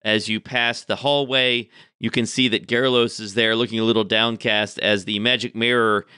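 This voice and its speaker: A man running a tabletop game as game master, narrating with a wry, relaxed manner. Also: fairly low pitch, moderate pace, clear, resonant tone, dry recording, clean studio sound.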